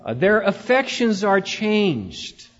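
A man preaching a conversational sermon, telling stories and often pausing with "uh.". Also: high voice, very animated, fairly bright tone. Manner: storytelling, with frequent "uh" fillers. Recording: dull, reverberant hall recording.

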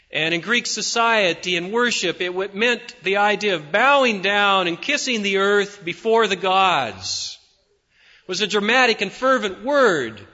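A man preaching a sermon with fervor, swinging between loud, emphatic peaks and hushed, low passages. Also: long reverb tail, dull audio. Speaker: pastor.

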